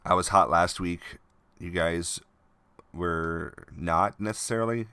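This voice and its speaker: Deep-voiced game master man. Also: takes it slowly, bright, forceful tone, clean tone. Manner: chatty, laughs often mid-sentence. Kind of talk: narrating a tabletop game over voice chat.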